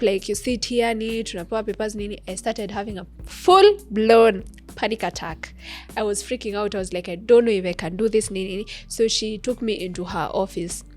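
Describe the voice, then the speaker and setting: A young Kenyan woman co-hosting a podcast, telling an animated story and code-switching freely. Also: mid-range voice. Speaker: podcast co-host. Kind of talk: casual chat, storytelling.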